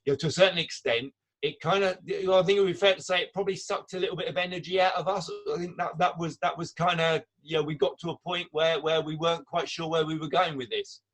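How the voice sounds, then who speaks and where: A male executive producer guiding a live Q&A with careful, reflective remarks. He hedges his points and poses questions to his co-director. His voice is a little higher than most men's. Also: steady tone, a bit bright. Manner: measured, hedging with "I think". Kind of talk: live Q&A conversation.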